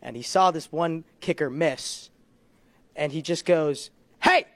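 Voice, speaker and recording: A young man on stage doing stand-up, his voice sitting notably high for a man. He rambles through self-deprecating stories, chuckling at his own lines. The sound is dry and close, with little room echo. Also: unhurried. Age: young adult. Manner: rambling, self-deprecating storytelling with frequent laughs. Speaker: stand-up comedian. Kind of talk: stand-up comedy set. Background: audience laughter.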